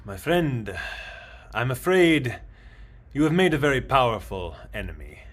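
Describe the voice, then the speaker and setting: A man's voice: mid-range voice, slow pace, close to an everyday voice. A man playing a gloating terrorist villain. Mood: menacing. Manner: theatrical sinister gloating with cackles. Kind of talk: improvised comedy bit.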